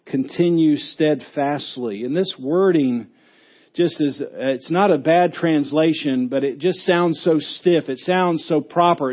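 Muffled male preacher, fairly high voice. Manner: rises to a shout when acting out a yelling coach. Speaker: pastor. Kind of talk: sermon.

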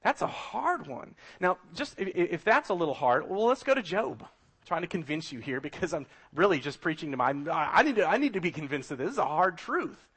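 A man's voice: fairly high pitch, very animated, brisk, fairly bright tone, breathy edge. A middle-aged man preaching a sermon as a pastor, emphatic and full of rhetorical questions.

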